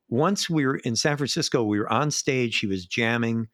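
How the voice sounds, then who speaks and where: A middle-aged man, a live sound engineer, telling animated backstage stories in a casual interview. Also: medium pitch, normal speed, no echo, studio quality. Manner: animated anecdotes, acts out quoted voices.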